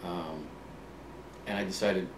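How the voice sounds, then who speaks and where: A man in his sixties, an author being interviewed, telling relaxed anecdotes and acting out old conversations, with frequent ums and restarts. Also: low-pitched, takes it slowly. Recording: roomy, distant mic, faint ambient hum.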